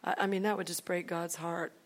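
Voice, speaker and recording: A woman pastor telling a personal testimony in an animated way, with many restarts and acted quotes. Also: lowish voice, fairly quick.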